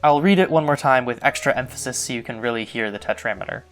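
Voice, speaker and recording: A man's voice: medium pitch, fast talker, fairly bright tone. A young man narrating a scripted video essay as a literary critic, with dry, wry asides. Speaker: literary critic, club co-host.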